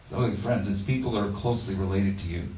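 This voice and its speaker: A man's voice: on the low side, racing, warm tone, a little hiss or hum. A man giving a conversational sermon as a pastor, telling a self-deprecating story with plenty of fillers. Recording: roomy, distant, dull sound.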